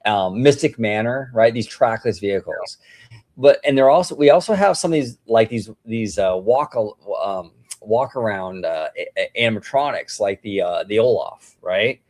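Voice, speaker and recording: A man co-hosting a casual livestream podcast, talking in an enthusiastic, animated way. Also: fairly low pitch, normal speed. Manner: enthusiastic, animated, laughs often. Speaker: podcast co-host.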